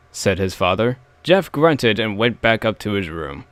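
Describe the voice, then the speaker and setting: A man's voice: lowish voice, very animated, unhurried, hardly any pauses, no echo. Giggly man reading a story aloud. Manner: giggly, playful. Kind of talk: casual comedic reading and commentary.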